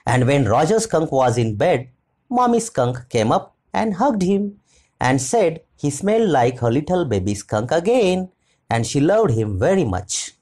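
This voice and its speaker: Audiobook reader, slow and expressive, lively pitch, measured story narration. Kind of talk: audiobook narration for a literature lesson.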